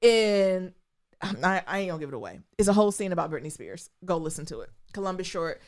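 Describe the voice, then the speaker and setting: A woman co-host with a fairly low voice that swings widely in pitch. She talks in a loose, slangy, animated way, laughing often as she tells stories. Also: a little fast. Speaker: podcast co-host. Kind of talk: casual chat.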